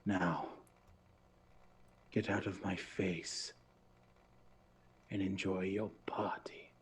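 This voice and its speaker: A man's voice: low-pitched, little pitch movement, extremely slow, slight background noise. Man doing a silky, condescending villainess. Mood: icy, condescending.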